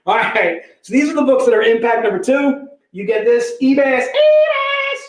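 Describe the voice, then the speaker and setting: Energetic male livestream host, high-pitched, jokey patter, roomy echo. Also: a little fast. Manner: energetic, joking, repeats "all right". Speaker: livestream host selling comic packs. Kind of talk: casual sales livestream chat. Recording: echoey room.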